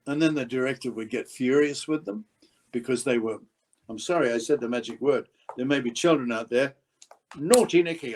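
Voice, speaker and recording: Older male actor, lively raconteur who acts out quotes loudly. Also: mid-range voice, normal speed, rough recording. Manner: animated, acts out quotes with sudden loud outbursts. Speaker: actor guest. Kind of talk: anecdotal interview storytelling.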